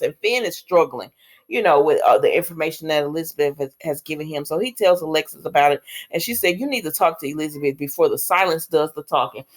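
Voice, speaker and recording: A woman casually recapping a soap episode, acting out the characters' lines and laughing at the drama. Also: fairly low pitch. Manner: animated, laughs often, acts out characters' lines in quoted voices. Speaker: soap opera recap vlogger.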